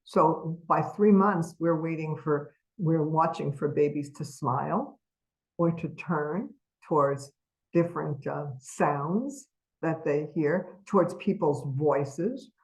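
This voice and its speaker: Slow, low-voiced woman lecturing. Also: rough recording. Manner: emphatic, asks the audience rhetorical questions. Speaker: webinar presenter. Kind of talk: educational webinar lecture.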